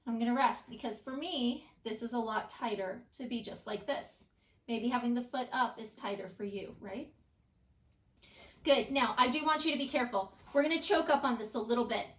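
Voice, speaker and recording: A woman Pilates instructor guiding a follow-along workout with calm, encouraging cues, often checking in with "right?". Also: a little high, moderate pace. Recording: echoey room.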